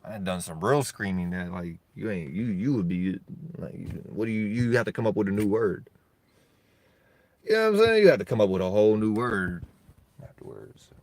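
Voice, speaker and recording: A man, ranting in a rambling solo monologue, profane and heated, swinging between loud bursts and low mutters. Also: animated, brisk. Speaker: monologuing creator.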